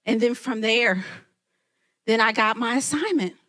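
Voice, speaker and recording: A woman who leads a ministry, preaching a lively sermon and talking straight to her listeners. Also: a little high, measured pace. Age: adult, mother of children. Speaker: women's ministry leader.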